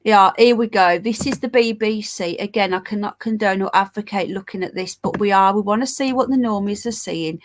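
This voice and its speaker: A woman's voice: medium pitch, fairly quick, hardly any pauses. A woman with a stuffy head cold hosting a livestream, reading headlines and chat aloud with sarcastic, scornful asides. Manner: sarcastic, scornful commentary, chatty asides to viewers. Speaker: livestream news host.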